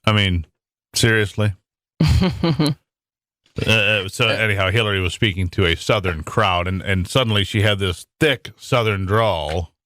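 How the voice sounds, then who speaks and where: A man's voice: lowish voice, moderate pace, sharp tone, no echo, studio quality. An American man hosting a talk radio show in a rambling monologue with frequent restarts. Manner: rambling, with many restarts and fillers.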